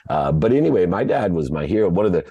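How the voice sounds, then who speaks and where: Deep, warm-voiced man telling a story. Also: sing-song, slightly rough, no room sound, lo-fi sound. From Ohio, USA. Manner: emotional, halting, repeats words. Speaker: podcast guest. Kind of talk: personal storytelling.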